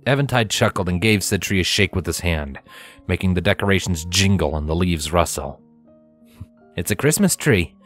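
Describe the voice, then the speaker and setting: A man narrating a fanfiction story aloud in steady storytelling style, acting out the dialogue. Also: sits low, brisk, faint music behind. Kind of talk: fanfiction reading.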